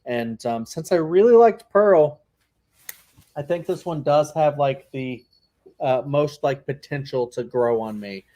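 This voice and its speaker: A man's voice: fairly high pitch, lively intonation, a little slow, warm tone. A man co-hosting a casual podcast chat, talking in a rambling way full of filler words. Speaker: podcast co-host.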